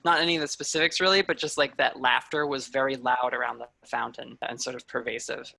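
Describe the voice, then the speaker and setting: A woman game master narrates a tabletop role-playing podcast, chatty and loose with her fillers. Her voice has a gravelly, bright edge, and the recording is dry and close. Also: very deep voice, steady tone, fast talker, dry recording.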